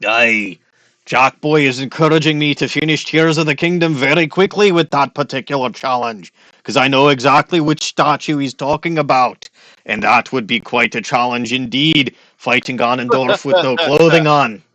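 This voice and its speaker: A man's voice: mid-range voice, moderate pace, pushed and bright, no echo, natural voice. A man doing a put-on Scottish accent, playing a hot-tempered, boozy Scotsman with tarot magic, rolling his words and dropping in "laddie" and "aye". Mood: boastful. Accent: put-on Scottish accent, admittedly poor. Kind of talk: let's-play character voice.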